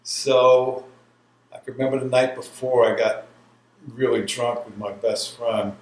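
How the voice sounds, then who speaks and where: A roomy recording with a faint hiss captures an army veteran from New York, in his sixties, giving an oral history interview about his life. He rambles and laughs, his mid-range voice steady and a little slow.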